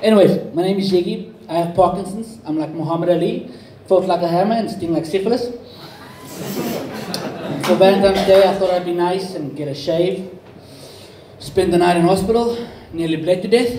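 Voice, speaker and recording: A man performing a stand-up set on a club stage, delivering deadpan self-deprecating one-liners. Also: high-pitched, moderate pace. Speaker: stand-up comedian. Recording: echoey club, distant mic, noisy.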